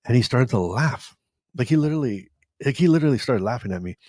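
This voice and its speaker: A man's voice: mid-range voice, lively intonation, fast, darkish tone, no room sound, studio quality. A man in his forties from Canada, hosting a live Q&A and telling his story in a rambling way, correcting himself and laughing often. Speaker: host.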